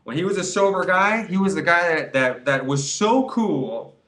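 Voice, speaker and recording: A young man vlogs casually, offering advice on quitting weed through a rambling story full of restarts and repeated words. He acts out the voices of the people he quotes. His high-pitched, animated voice is a bit bright and moves at normal speed.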